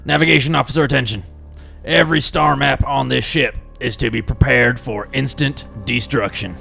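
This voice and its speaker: A man playing a stern starship captain in a radio drama, speaking in a deliberate, commanding way. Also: medium pitch, steady tone, creaky, sharp tone, faint music behind.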